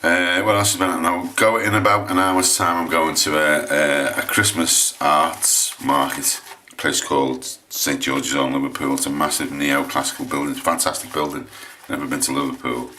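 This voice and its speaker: An English man with a low voice chatting casually while he shaves on camera, rambling and hesitant with lots of restarts. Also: flat delivery, normal speed, hardly any pauses, pushed and bright, a little hiss or hum. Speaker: shaving vlogger.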